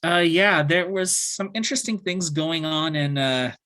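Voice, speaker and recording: A co-host chatting casually about stocks, halting and full of fillers. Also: mid-range voice, sharp tone. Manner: slow, halting, many fillers. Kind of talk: casual chat.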